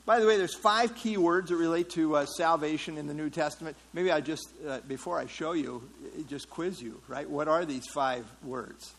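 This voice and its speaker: Speaking at a moderate pace with hardly any pauses, this Bible teacher has a slightly high, somewhat bright voice. He walks the class through a passage in a chatty way, asks them questions, and fills his speech with fillers, all on a rough recording.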